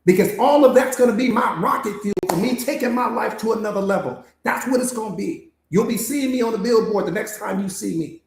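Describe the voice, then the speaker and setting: A man with a fairly high voice delivers a motivational master class as a coach. His delivery is emphatic and preaching, with points hammered home through repetition. The sound is roomy, with noticeable echo. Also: fairly quick, vocal fry, hardly any pauses.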